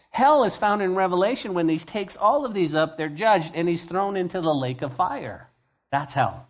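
Fairly high-voiced male preacher teaching. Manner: conversational and expressive, swings from hushed to emphatic. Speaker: pastor. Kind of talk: sermon, verse-by-verse Bible teaching.

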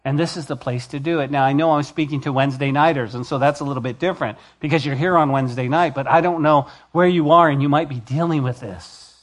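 Male pastor, slightly higher voice, sermon delivery, loud-to-soft emphasis, church setting. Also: fast talker, hardly any pauses.

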